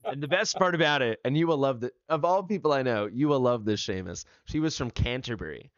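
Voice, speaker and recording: A man's voice: medium pitch, expressive, fairly quick, no echo. A man hosting a live stream, chatting and telling rambling stories full of restarts. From United States. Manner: rambling storyteller, restarts often. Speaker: streamer host. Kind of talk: casual chat. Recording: dry, dull lo-fi.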